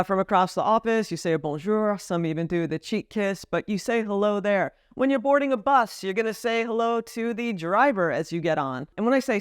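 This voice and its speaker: A woman's voice: medium pitch, no echo, studio quality. A woman vlogger casually explaining etiquette, now and then acting out short example lines.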